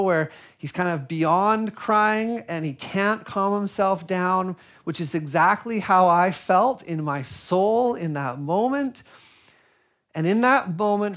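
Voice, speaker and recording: Earnest, slow-speaking male pastor. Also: high voice. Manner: earnest, reflective, soft-spoken storytelling. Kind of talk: sermon.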